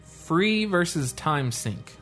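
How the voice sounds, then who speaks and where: A man in a casual chat, opinionated and quick to laugh, fond of folksy sayings. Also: fairly high pitch, lively intonation, a bit bright, faint music behind.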